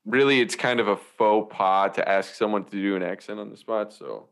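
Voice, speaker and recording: A man's voice: fairly low pitch, steady tone, moderate pace, creaky. A man co-hosting an interview podcast, teasing the guest in a dry, casual way. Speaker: podcast co-host.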